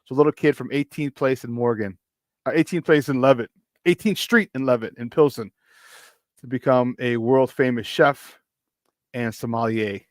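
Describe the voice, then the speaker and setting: Male morning sports host, Chicago accent, chatty and repetitive, dry studio sound, mid pitch. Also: moderate pace, dry recording. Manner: energetic, chatty, repeats himself for emphasis. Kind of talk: casual sports talk.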